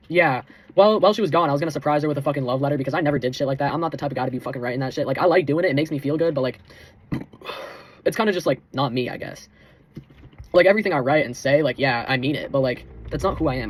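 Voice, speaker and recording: Teenage boy, fast angry storytime rant, constant swearing, fairly high voice. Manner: heated, swears constantly, fillers like "bro" and "dude". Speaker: vlogger.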